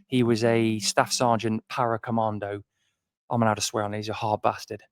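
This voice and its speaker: A man's voice: fairly low pitch, little pitch movement, a little fast, no room sound, studio quality. A man co-hosting a podcast, telling a long self-deprecating story in a rambling way with many restarts. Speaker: podcast co-host. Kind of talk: casual storytelling chat.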